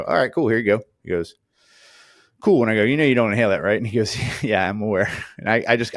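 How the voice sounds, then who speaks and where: A man's voice: mid-range voice, no room sound, studio quality. A man co-hosting a casual chat, telling stories with lots of fillers and acting out quoted voices. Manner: animated storyteller, acts out quoted voices. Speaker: podcast co-host.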